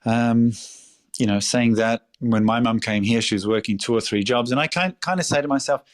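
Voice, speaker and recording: A man's voice: medium pitch, moderate pace, no echo, studio quality. A middle-aged Australian man, a restaurateur speaking in a podcast interview, passionate and emphatic, repeating phrases and swearing freely. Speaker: restaurateur guest.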